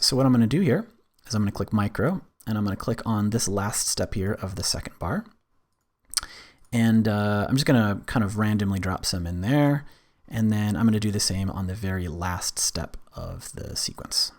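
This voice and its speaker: A man presenting a screen-recorded music software tutorial, explaining step by step in a relaxed way with frequent fillers. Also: lowish voice, moderate pace.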